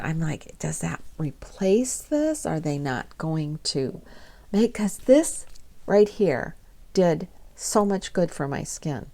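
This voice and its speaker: An older woman vlogging casually, chatty, retelling her conversations with lively acted-out quotes. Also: fairly low pitch. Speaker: beauty vlogger. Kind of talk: casual storytelling to camera.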